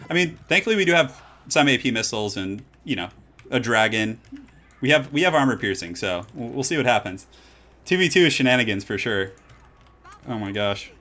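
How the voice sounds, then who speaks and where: A man's voice: mid-range voice, sharp tone. A man casually chatting while streaming a strategy game, laid-back and laughing often, trailing off into fillers. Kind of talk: casual gaming stream chat. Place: home, California.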